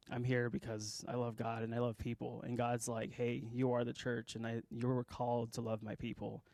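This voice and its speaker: A young man speaks to his church group in a halting, heartfelt way, full of ums and pauses as he steadies himself. His voice sits at an ordinary middle pitch and the recording is dry and close, with no room echo. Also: a little mellow. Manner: halting, many fillers, choked up, apologetic. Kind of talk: emotional personal testimony and sermon.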